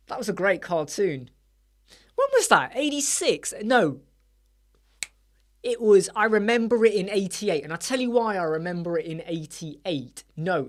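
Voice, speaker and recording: A man's voice: high voice, fairly bright tone. A man in his forties hosting a casual live chat, rambling and joking, often breaking off mid-thought. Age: 40s. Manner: rambling, jokey, self-interrupting. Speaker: web design livestream host.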